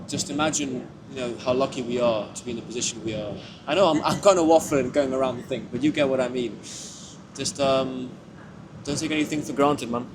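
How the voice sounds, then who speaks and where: Brief: British lad, 18, loose rambling vlog talk, mid-pitched, street noise around. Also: male voice. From Britain. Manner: rambling, swears casually. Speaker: travel vlogger. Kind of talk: casual vlog chat. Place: outdoors on windy city streets.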